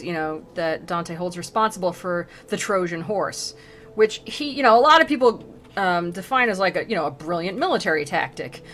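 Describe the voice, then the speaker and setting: A woman streamer casually retelling a classic poem, sarcastic, rambling and animated. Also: medium pitch.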